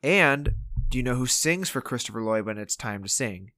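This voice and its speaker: Podcast co-host, male, mid-pitched and joking, on a dry close mic. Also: expressive, bright, forceful tone, dry recording. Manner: playful, jokey, does quick impressions. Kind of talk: casual podcast chat.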